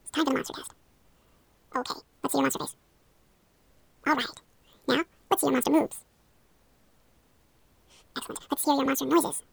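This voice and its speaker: A woman's voice: sits high, steady tone, moderate pace, vocal fry, pauses often, no echo. A young woman leading a playful hypnosis role-play, coaxing and encouraging the listener. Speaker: hypnosis guide.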